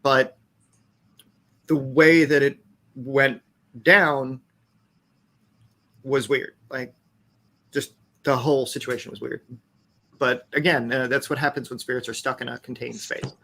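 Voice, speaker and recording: Man of average pitch, profane and loose. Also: fairly even intonation, a little slow, long pauses, fairly bright tone. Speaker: podcast guest. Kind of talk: casual chat.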